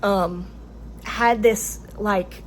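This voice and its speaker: Halting woman with a Southern drawl. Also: mid-range voice, fairly even intonation, slight background noise. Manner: hesitant, halting, full of fillers and restarts. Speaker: vlogger speaking to camera. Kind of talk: casual rambling monologue. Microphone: camera recording herself.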